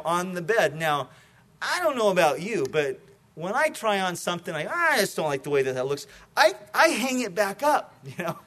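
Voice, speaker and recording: Male pastor, sermon delivery, high voice with an animated, joking manner.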